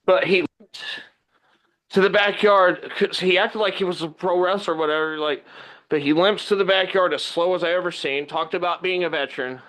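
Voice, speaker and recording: Male podcast guest, high voice, animated storyteller who acts out quotes. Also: fairly quick, poor audio. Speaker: guest wrestler.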